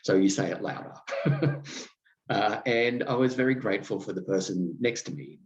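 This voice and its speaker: A man with a very low voice hosts a reflective podcast monologue. He tells wry, self-deprecating stories and halts often with ums and restarts. The recording sounds dull and slightly lo-fi. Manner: halting, lots of ums and restarts. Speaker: podcast host.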